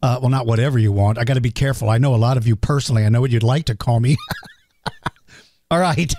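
A man's voice: mid-range voice, fairly quick, a little mellow, no room sound, clean studio sound. A middle-aged man hosting a podcast, casually answering listener questions in a chatty, self-deprecating way. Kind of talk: casual Q&A monologue.

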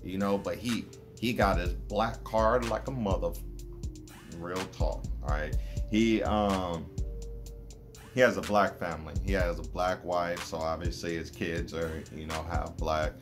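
A deep-voiced man speaks slowly and easily as he comments on a clip, peppering his talk with casual fillers. Music plays clearly behind him. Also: steady tone. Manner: laid-back, heavy on "you know" fillers. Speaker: video reactor.

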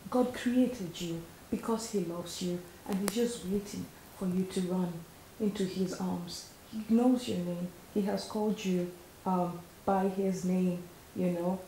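Slow, earnest woman preaching in an echoey room. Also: on the low side, steady tone, dark tone. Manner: earnest, leads the listener through spoken prayers and questions. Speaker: host and preacher. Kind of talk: sermon. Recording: echoey room with faint hiss.

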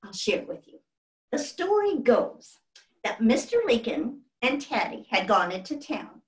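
A woman's voice: on the high side, big pitch swings, measured pace. An actress as a genteel 1800s widow spins family tales in a chatty, exclamatory way, her voice rising and falling freely. She is on a stage, heard from a distant mic in a roomy hall. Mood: fond. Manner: fond, chatty storyteller with exclamations. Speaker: actress portraying a historical first lady. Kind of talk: live one-woman historical reenactment. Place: stage before a live audience.

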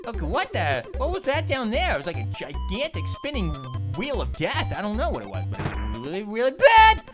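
A woman voicing an excitable cartoon grape who hosts a gaming channel, talking to herself in a jumpy, silly way and repeating phrases. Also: medium pitch, a little fast, music in the background. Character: excitable cartoon grape playing video games. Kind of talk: cartoon let's-play commentary.

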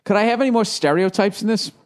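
American man in his forties, podcast host, rambling profane comedic monologue, high-pitched mocking asides, fairly high voice. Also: fast talker. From United States. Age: 40s.

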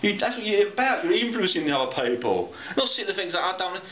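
High, animated man ranting. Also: quick pace. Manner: heated, swearing, repeating himself. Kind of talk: angry political rant. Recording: echoey lo-fi room recording.

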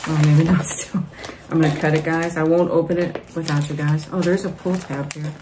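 A woman with a low-pitched voice opens mail on camera and gushes to her viewers. She talks in an excited, casual way. A faint hum of room noise sits behind her. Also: a little fast. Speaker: vlogger. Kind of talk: casual mail-opening vlog.

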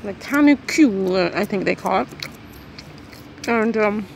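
Chatty woman vlogging, gravelly edge. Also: medium pitch, expressive, a little slow. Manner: chatty, rambling, talks while eating. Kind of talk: casual chat to camera. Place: outdoors in hot weather. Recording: faint background noise.

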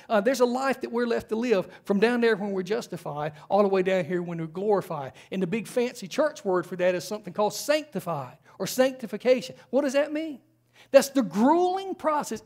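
A man's voice: high voice, darkish tone. A man preaching a sermon in a church, conversational, with frequent rhetorical questions. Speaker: pastor. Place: church sanctuary.

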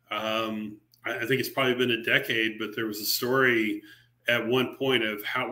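A man presenting a software library at a virtual user group meetup, talking casually with fillers, restarts and sarcastic asides. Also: fairly low pitch. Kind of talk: technical presentation on a live stream. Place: remote meetup talk over a video call.

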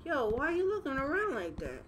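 A young woman playing a horror game and reacting out loud, profane and jokey as she goes. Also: high-pitched, wildly swooping pitch, fairly quick, a little hiss or hum. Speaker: gaming channel host.

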